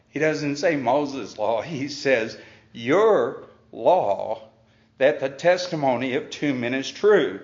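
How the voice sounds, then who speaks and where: Male pastor reading scripture and explaining it slowly, stresses key words, roomy echo. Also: mid-range voice. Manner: reads scripture aloud, then explains it point by point; leans hard on key words. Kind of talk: verse-by-verse Bible teaching. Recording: echoey room, dull muffled sound.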